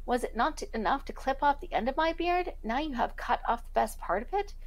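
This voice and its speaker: A woman voicing an ill-tempered little male dwarf with a shrill, scolding manner. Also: animated, normal speed. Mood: outraged.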